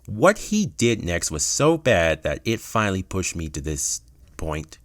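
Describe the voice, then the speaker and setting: A man's voice: sits low, sing-song, a little slow, dry recording, studio quality. A young man telling a gaming story in a casual storytime manner, swearing freely as he goes.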